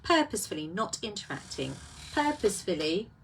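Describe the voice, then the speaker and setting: A woman's voice: medium pitch, sing-song, a little fast, slight background noise. A woman hosting a casual live talk, reflective and full of rhetorical questions.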